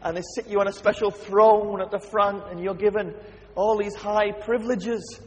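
A man's voice: high voice, fairly even intonation, normal speed, long reverb tail. A man preaching a sermon, emphatic and constantly asking his congregation questions.

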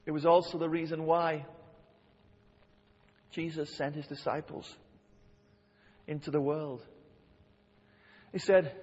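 A man's voice: on the high side, fairly even intonation, measured pace, long pauses, darkish tone, slightly rough. A man preaching a sermon with fervor, repeating key phrases and quoting scripture aloud. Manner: impassioned, repeats phrases for emphasis. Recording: lo-fi hall reverb.

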